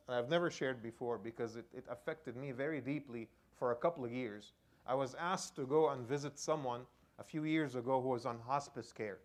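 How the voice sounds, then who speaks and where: Preaching a sermon, this male imam recounts something from his own life, his delivery swinging from booming bursts to soft, hushed passages.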